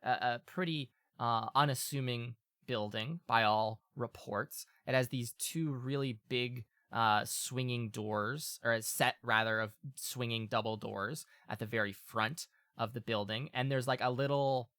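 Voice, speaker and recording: A man narrating as game master in a casual, meandering way, often pausing to correct himself. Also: medium pitch, fairly even intonation, a bit bright, smooth, no room sound, clean studio sound. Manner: casual and meandering, with many fillers and self-corrections.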